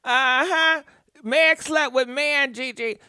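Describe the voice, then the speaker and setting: Sassy high-voiced woman gossip host. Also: takes it slowly, sharp tone, no echo, faint music behind. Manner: sassy, laughing, talks back at celebrities. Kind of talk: casual live gossip commentary.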